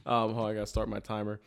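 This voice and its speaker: A man's voice: fairly low pitch, vocal fry, clear, resonant tone. Joking young man hosting a podcast. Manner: joking, crude, laughs often. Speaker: podcast host. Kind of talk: casual chat.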